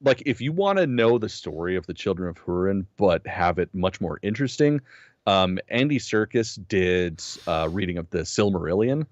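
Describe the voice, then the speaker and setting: A man co-hosting a podcast in a casual, profane chat, his voice a little hoarse. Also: low voice, moderate pace, dry recording, lo-fi sound. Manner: profane, animated storytelling. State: slightly hoarse. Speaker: podcast co-host.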